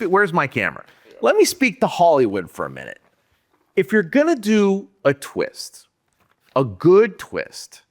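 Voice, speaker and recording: A man co-hosting a podcast, talking through a film plot in casual chat and ranting with exasperated rhetorical questions. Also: a little high. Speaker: podcast co-host. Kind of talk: casual movie review chat.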